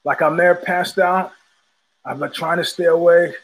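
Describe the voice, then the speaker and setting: A man's voice: fairly high pitch, steady tone, unhurried, low-quality recording. A man hosting a podcast, telling a casual rambling story with many restarts and repetitions. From United States. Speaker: podcast host.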